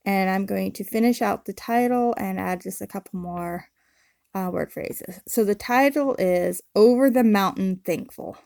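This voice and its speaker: A woman narrating her scrapbooking process in a relaxed, casual voice-over, with many ums and uhs. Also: medium pitch, creaky, no room sound, clean studio sound. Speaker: scrapbooking channel host.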